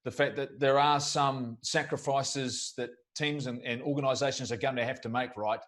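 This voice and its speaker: A man's voice: medium pitch, fairly even intonation, normal speed, fairly bright tone. New man hosting a sports panel. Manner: conversational, posing questions. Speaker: sports show panel host. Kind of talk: panel discussion questions.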